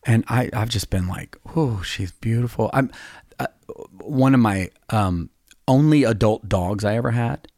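A man's voice: lowish voice, measured pace, a little mellow, dry recording, studio quality. A man in his fifties, a songwriter hosting a podcast, telling long rambling stories in a casual, self-deprecating way. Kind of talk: casual storytelling chat.

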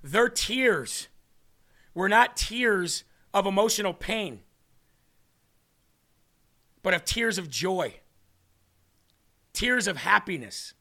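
Bright, high-voiced man preaching a story. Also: slow pace, pauses often. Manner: animated, acts out dialogue in a story. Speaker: host and preacher. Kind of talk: storytelling sermon.

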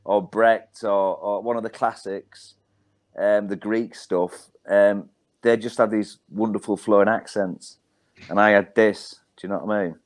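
Guesting on a podcast, this forties-aged stand-up from Hull, England speaks with a Yorkshire accent in a lowish, fairly even voice at a measured pace. His casual anecdotes wander, peppered with ums and self-repeats.

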